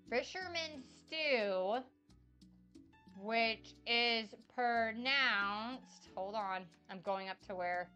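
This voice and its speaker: A woman's voice: mid-range voice, pushed and bright, lo-fi sound. A young adult woman chatting casually on a cooking livestream, gushing and effusive as she tastes her food. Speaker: cooking streamer. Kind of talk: casual cook-along livestream chat.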